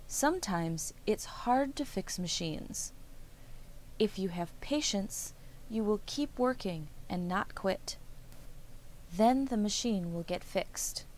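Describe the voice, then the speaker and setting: A woman voicing a patient, kindly father in a children's story, speaking calmly and instructively. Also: mid-range voice, slow, a little hiss or hum, low-quality recording. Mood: gentle. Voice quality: calm, instructive. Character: patient, kindly father who prints a newspaper.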